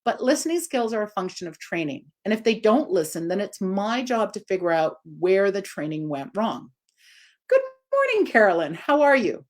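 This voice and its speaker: A woman in her forties, a dog trainer giving an informal live video talk, expressive and swinging up high for emphasis. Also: moderate pace.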